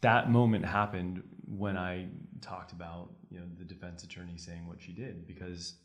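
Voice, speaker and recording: Young male lawyer, low voice, energetic and brisk storytelling. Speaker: trial lawyer guest. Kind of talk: conversational podcast interview.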